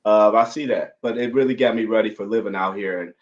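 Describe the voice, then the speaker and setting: Earnest dude host talking life lessons, kinda muffled lo-fi audio. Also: male voice, on the low side, fast talker. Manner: earnest motivational storyteller. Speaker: podcast host. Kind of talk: casual chat.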